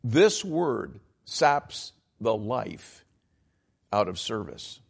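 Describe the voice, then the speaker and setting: A man's voice: fairly low pitch, sing-song, very slow, vocal fry, slightly rough. A man preaching a sermon as pastor, explaining scripture with emphatic, dramatized quotes.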